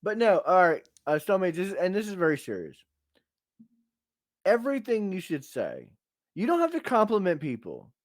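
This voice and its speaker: A man's voice: high voice, huge pitch swings, normal speed, no room sound, studio quality. A man co-hosting a podcast, talking in a blunt, emphatic and profane way as he rants about tough love. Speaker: podcast co-host. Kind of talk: casual opinionated podcast chat.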